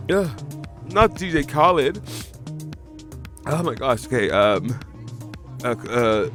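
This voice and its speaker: A man's voice: medium pitch, takes it slowly, long pauses, a bit bright, faint music behind. A man streaming live, emotional and teary from crying, rambling as he reads out follower names. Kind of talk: live watch-along reaction stream.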